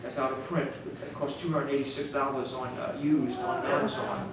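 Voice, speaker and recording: A man with a New Orleans accent, an author, chats casually with a small audience, rambling and chuckling as he restarts his sentences. His voice is medium-pitched with little pitch movement, at a moderate pace. The recording is noisy, from an echoey room miked at a distance.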